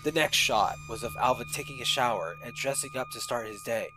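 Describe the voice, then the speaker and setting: A male streamer reading a creepy fan story aloud, animated and full of swearing asides. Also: extremely high pitch, a little fast, music in the background, poor audio.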